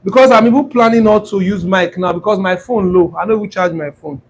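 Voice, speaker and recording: A Nigerian man with a fairly high voice talks through a clip-on mic near his throat as he hosts a casual live class on trading. He chats and teases, sliding between Pidgin and English, with faint wind noise on the mic behind him. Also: fast, poor audio. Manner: chatty, mixing Pidgin and English, teasing viewers. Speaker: forex trading class host.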